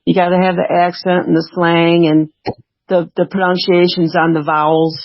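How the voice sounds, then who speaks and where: A woman's voice: on the low side, little pitch movement, moderate pace, no echo. A woman co-host chatting casually in a conversational, thoughtful way. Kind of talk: casual chat. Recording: dull lo-fi dry recording.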